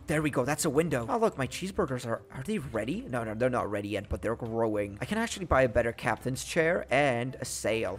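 A young man commentating his gameplay, talking casually with slang and getting loud and panicky when danger comes. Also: medium pitch. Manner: excitable, panics and pleads loudly in danger; casual slang, says "dude" and "mate". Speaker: gaming YouTuber.

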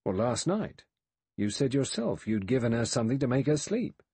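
A man voicing a blunt, gruff middle-aged ex-policeman in an audiobook, blustering and curt. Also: mid-range voice, big pitch swings, normal speed, dark tone, no echo, voice pushed up, full character voice. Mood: accusing. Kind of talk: audiobook character voice.

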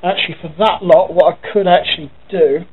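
A man's voice: high voice, steady tone, fairly quick, breathy edge. Tinny-sounding English man rambling aloud. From England. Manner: rambling, thinking aloud, swears casually. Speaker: vlogger. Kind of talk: casual talking to camera. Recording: tinny phone-like sound with faint noise.

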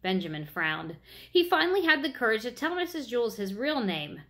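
A woman reading a children's chapter book aloud, with expressive narration. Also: on the high side, normal speed. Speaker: reader.

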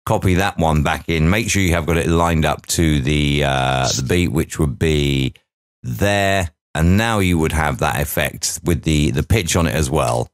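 A man's voice: rumbling low, measured pace, no room sound, clean studio sound. A man teaching audio editing, talking through each step aloud with chatty asides. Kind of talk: software tutorial walkthrough.

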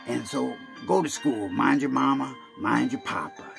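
A man's voice: medium pitch, moderate pace, vocal fry, over music. A man rambling through a playful homemade video sermon, slipping into pirate talk. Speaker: video preacher.

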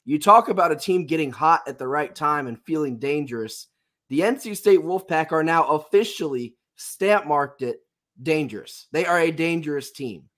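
Man, raspy from a cold, sports podcast host, emphatic, somewhat high voice. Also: lively intonation, moderate pace, fairly bright tone. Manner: enthusiastic, emphatic repetition. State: raspy, under the weather.

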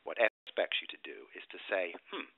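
Low-voiced man presenting a webinar over a phone line. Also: lively intonation, brisk, gravelly, no room sound. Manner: emphatic, walks through points step by step. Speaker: webinar presenter on food safety rules. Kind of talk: instructive webinar explanation. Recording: dry, narrow phone-line sound.

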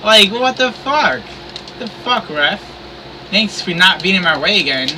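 A man's voice: high-pitched, sing-song, measured pace, bright, forceful tone, far from the mic, a little hiss or hum, low-quality recording. A man streaming a wrestling video game, calling the action and swearing as he complains about the game. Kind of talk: livestream play-by-play commentary.

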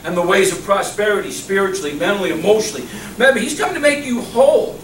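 A middle-aged male pastor preaching a sermon, swinging from loud exclamations to soft, low murmurs, recorded in a church. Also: expressive, quick pace. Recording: echoey church hall, mic at a distance, faint hum.

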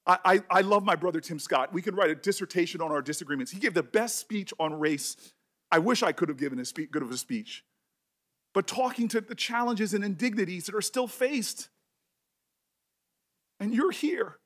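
Man, middle-aged, senator at a hearing, impassioned, halting, higher-pitched voice. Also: fairly bright tone. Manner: emotional, impassioned, halting restarts. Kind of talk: speech at a hearing.

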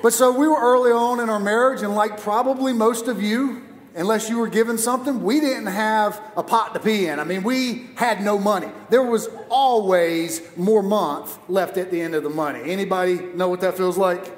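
High-voiced male preacher in echoey hall. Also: normal speed. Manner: lively personal storytelling with humor. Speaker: guest preacher. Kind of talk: sermon. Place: church auditorium.

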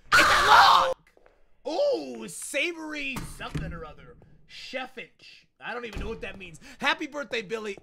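A young man chatting casually on a gaming livestream, reacting loudly and thanking viewers for donations. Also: sits high, slight background noise. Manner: excitable, loud outbursts, reads out donations. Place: home.

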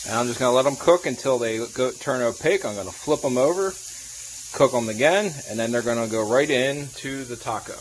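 A fishing charter captain, a man, casually explaining as he cooks in his home kitchen, plain-spoken and relaxed as he works. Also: mid-range voice, fairly quick, slight background noise. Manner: plain-spoken, relaxed, talks while working. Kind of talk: casual how-to cooking vlog.

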